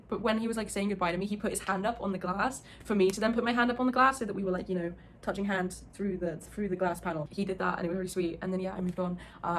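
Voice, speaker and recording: A young woman from the UK tells a story at a fast clip, words tumbling out with lots of "like"s and bursts of laughter. Her pitch sits mid-range, and a faint hiss of background noise runs under the casual vlog. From United Kingdom. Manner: excited, chatty, laughs often, many likes. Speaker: vlogger.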